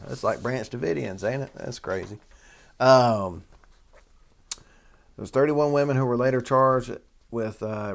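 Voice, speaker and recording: A man, hosting a casual talk show and reading a news article aloud with rambling asides. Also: medium pitch. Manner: folksy, rambling, with y'all and asides. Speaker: host.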